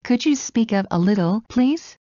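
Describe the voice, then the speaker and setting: A woman reads short English practice phrases aloud for learners, one at a time with even pauses. Her voice is mellow and soft-edged. The recording is dry and slightly dull, with a lo-fi quality. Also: medium pitch, no room sound. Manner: slow, evenly spaced phrase-by-phrase reading. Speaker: English teacher.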